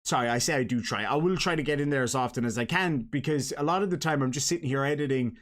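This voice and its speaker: An Irish man keeps a relaxed, chatty live stream going, teasing his guest and talking straight to his viewers. His voice sits at an ordinary middle pitch, and his banter runs loose and informal. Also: fast. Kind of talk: casual live-stream chat.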